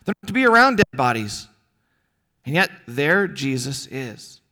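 A man preaching a sermon as pastor, earnest, with rhetorical questions and dramatic pauses. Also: medium pitch, very animated, pushed and bright.

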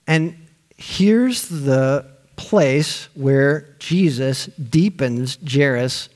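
A male pastor preaching a sermon, telling a story with lively acted-out voices for the people in it. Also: mid-range voice, very slow. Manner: animated storytelling, acting out quoted voices.

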